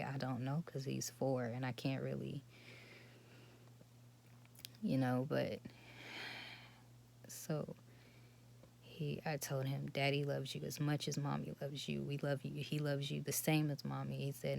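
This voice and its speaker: A woman telling a personal story in a vlog, speaking softly and often slipping into near-whispers. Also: rumbling low, level tone, unhurried, long pauses, slight background noise. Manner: soft, subdued and often breathy, trailing into near-whispers. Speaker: vlogger.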